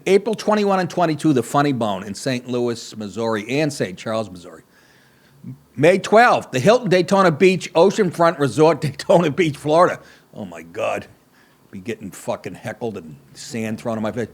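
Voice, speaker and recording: A man's voice: mid-range voice, very animated, normal speed. A man hosting a comedy podcast, talking in a profane, rambling, sarcastic way. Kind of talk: casual comedic podcast monologue.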